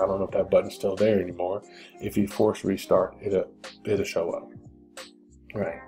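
A man's voice: sits low, dark tone. A man hosting a casual question-and-answer stream, talking bluntly with profanity and pep-talk encouragement. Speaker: crypto channel host. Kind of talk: casual Q&A livestream.

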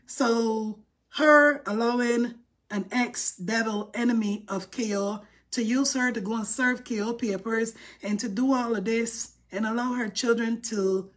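A woman talking on a casual live stream, her voice pitched a little high. She is bold and confrontational, firing pointed questions at the people she discusses and making sure they hear about it. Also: moderate pace.

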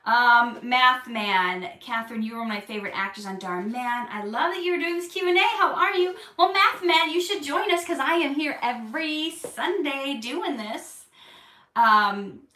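Far from the mic, with a little hiss or hum and a roomy echo, a high-pitched woman hosts an unhurried live Q&A. She chats casually with viewers, turns earnest and preachy, and grows animated when excited, sounding a bit off-mic.

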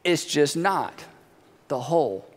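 A male pastor giving a sermon in a church, animated and conversational, dropping to hushed emphasis on key points. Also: fairly high pitch, slow, big-room sound. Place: church sanctuary.

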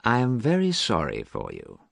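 A man's voice: on the low side, wildly swooping pitch, moderate pace, gravelly, no echo, pitched above the performer's own voice, heavily acted. A man voicing a desperate young man who urgently commands and threatens. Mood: threatening. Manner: urgent, insistent pleading.

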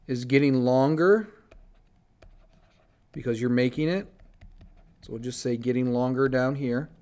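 Casual man teaching over drawn slides. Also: on the high side. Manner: casual, talks while drawing on slides, corrects his own slips. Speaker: biology teacher. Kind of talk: recorded screencast lecture.

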